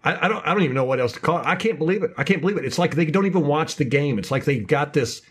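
A man co-hosting a casual sports podcast, ranting passionately in fast bursts about his local team. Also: a little high, lively intonation, a bit bright, husky. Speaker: podcast co-host.

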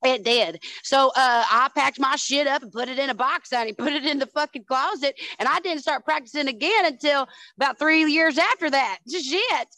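A woman podcast guest tells her stories with animated energy, swearing freely and peppering every few words with "honey" and "dude". Her voice sits a little above the usual pitch for a woman. The sound is dry and close, with almost no room around it. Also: normal speed, few pauses, no echo, low-quality recording. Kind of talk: casual chat.

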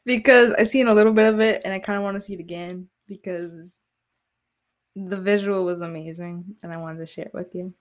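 A woman hosting a casual podcast, laid-back and playful, reacting to what she hears and watches. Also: lowish voice.

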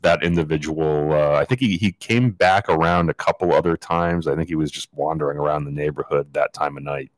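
A man co-hosting a podcast, telling stories in a rambling, animated way. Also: a bass voice, fairly quick, hardly any pauses, no room sound. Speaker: podcast co-host. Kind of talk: casual storytelling chat.

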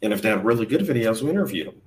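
A man's voice: lowish voice, big pitch swings, racing. A man giving blunt, emphatic career advice on a live chat show as hiring leader. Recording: voice distant from the mic.

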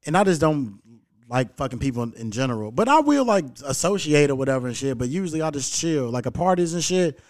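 Young man, casual podcast chat, profane, laid-back, animated retellings. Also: fairly high pitch, quick pace. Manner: laid-back, heavy swearing, animated when quoting people. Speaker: podcast host and comedian.

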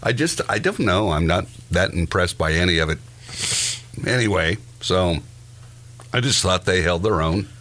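A man with a very low voice, chatting casually as a podcast co-host. He reads out odd news stories and drops dry asides, chuckling at his own jokes. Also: lively intonation, moderate pace, a bit bright. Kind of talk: casual chat, reading news items.

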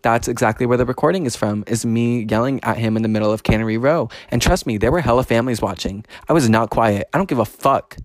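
Guy ranting on his own podcast, swears a lot, mid-pitched, really dry close sound. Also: fast talker, few pauses, no room sound. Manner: blunt, profane and emphatic, rising in pitch when fired up. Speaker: podcast host. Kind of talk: casual storytelling monologue.

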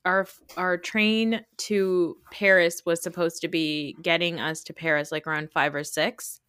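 A woman hosting a podcast, telling a travel story in casual chat with animated delivery and casual swearing. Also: on the low side, a little slow, clear, resonant tone, no echo, clean studio sound. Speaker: podcast host.

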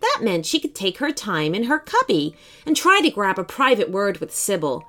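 A woman reads a children's story aloud with lively, expressive animation, using a medium pitch and a moderate pace.

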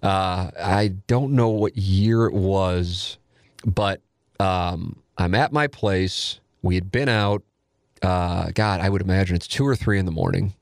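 A man's voice: sits low, measured pace, dry recording, studio quality. A man in his forties telling a rambling, self-deprecating story with casual profanity. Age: 40s.

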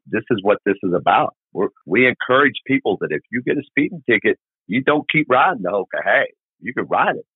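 A man's voice: low-pitched, husky, dry recording, phone-quality sound. A middle-aged man from Arkansas, rambling through a long motorcycle story as a podcast guest and acting out the people in it. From Arkansas, USA. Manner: rambling, animated retelling with quoted dialogue. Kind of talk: casual storytelling.

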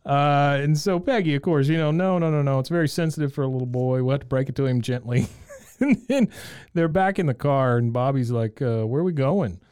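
A man's voice: fairly quick, a little mellow, smooth, no room sound. Podcast co-host, man, casual recap, laughs through his lines, dry mic. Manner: laughs often, acts out quotes in higher voices. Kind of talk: casual chat recapping a TV episode.

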